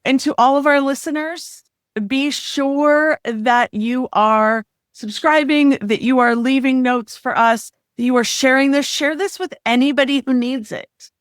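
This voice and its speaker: Upbeat, higher-pitched woman podcast host. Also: a little slow, clear, resonant tone, dry recording, clean studio sound. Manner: upbeat and affirming. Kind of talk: casual podcast interview.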